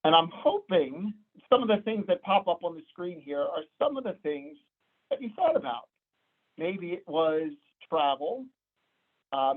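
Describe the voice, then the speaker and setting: A man with a Midwestern American accent, a financial advisor giving a conversational presentation. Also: high-pitched. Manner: conversational, storytelling with quoted dialogue. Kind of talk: presentation to clients. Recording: tinny phone-like audio.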